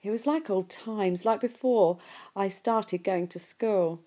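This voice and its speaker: A woman reading a novel aloud in a steady, unhurried storytelling manner. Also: mid-range voice. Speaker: reader.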